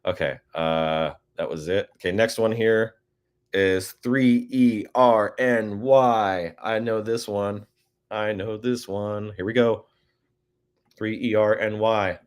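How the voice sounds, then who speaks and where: A man's voice: lowish voice, steady tone, a little slow. A man casually hosting a live-stream prize giveaway, goofy and chatty, reading out codes and talking to viewers.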